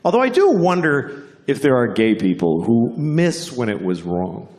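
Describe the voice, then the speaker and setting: A man doing a stand-up comedy set, telling stories in a deadpan, unhurried way and jumping into high character voices. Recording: live venue with audience laughter.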